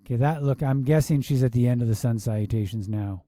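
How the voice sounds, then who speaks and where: A man reviews a yoga class video, firing off exasperated rhetorical questions and quick asides. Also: mid-range voice, dark tone, dry recording, clean studio sound. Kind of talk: casual critique with commentary.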